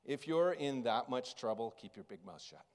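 A man preaching a sermon as pastor, telling a story with big swings between loud and hushed. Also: mid-range voice, very animated, normal speed. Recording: long reverb of a large hall.

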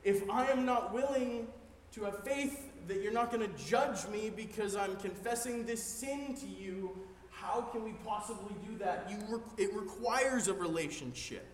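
High-voiced male pastor preaching in a hall. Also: a little slow. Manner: earnest, building excitement. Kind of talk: sermon. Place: church sanctuary. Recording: roomy hall reverb, faint ambience.

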